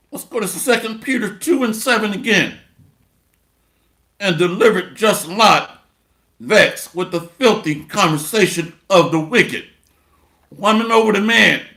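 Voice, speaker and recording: This expressive, high-pitched man preaches slowly with some gravel in his voice, sounding bright, sharp, blunt, and mocking. He reads scripture and hammers his points home in a roomy space with lots of echo.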